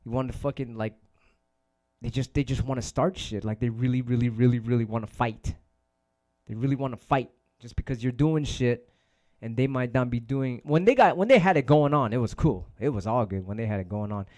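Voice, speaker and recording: A man's voice: medium pitch, fairly quick, darkish tone. A man hosting a casual livestream chat, rambling and swearing a lot, often repeating his phrases. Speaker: DJ and host.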